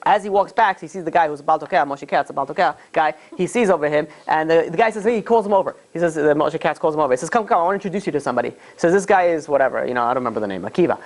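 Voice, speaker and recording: Rabbi guy rambling thru a story sermon, super quick, lots of um and you know. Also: a little high, lively intonation. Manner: rambling, many fillers, acts out quoted voices.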